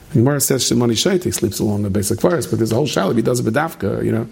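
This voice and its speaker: Middle-aged male rabbi, gravelly and husky, loose storyteller who keeps restarting and quizzing the room. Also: mid-range voice, lively intonation, racing, few pauses, a little mellow. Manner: rambling storyteller, many restarts, asks the room questions. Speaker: rabbi teaching a class. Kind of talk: late-night Torah lecture to students.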